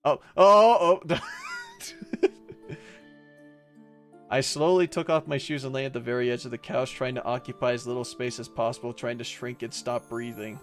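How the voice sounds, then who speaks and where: A man's voice: mid-range voice, level tone, quick pace, few pauses, soft background music. Man reading game text aloud. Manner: reads narration and dialogue, breaks off to joke and laugh. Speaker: streamer reading a visual novel aloud. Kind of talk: playful read-aloud of game text with commentary.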